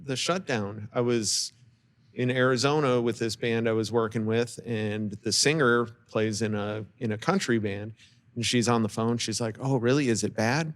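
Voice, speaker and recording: A man's voice: mid-range voice, fairly even intonation, normal speed. A man, a drummer and guest, chatting casually in an easygoing, amused way about landing gigs. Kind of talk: casual chat.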